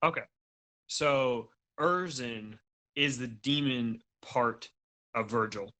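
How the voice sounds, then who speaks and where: A man's voice: medium pitch, slow, pushed and bright. A man hosting a casual gaming podcast, leading the talk and explaining things in an easygoing, patient way. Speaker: podcast host. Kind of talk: casual chat.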